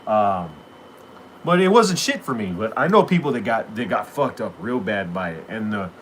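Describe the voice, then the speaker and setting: A man's voice: fairly low pitch, lively intonation, normal speed, a little hiss or hum. A middle-aged man hosting a live show, talking casually in a profane, rambling, heated way. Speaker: podcast host. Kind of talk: casual live-stream chat.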